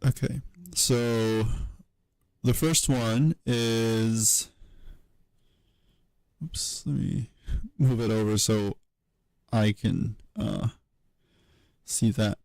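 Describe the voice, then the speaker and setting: A man giving a casual livestream tutorial, thinking aloud at his computer in a halting way, with many fillers and self-corrections. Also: lowish voice, gravelly, darkish tone, dry recording, low-quality recording. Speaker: streamer teaching historical linguistics.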